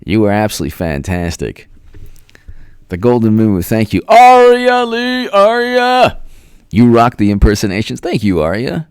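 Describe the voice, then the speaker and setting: A man with a low voice hosts a casual live stream and rambles from one thought to the next. Now and then he stretches out viewers' names in a sing-song voice. The sound is dry and close, with no room in it. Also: a little fast, a little mellow, clean tone, dry recording. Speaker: political commentary host. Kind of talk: casual livestream chat.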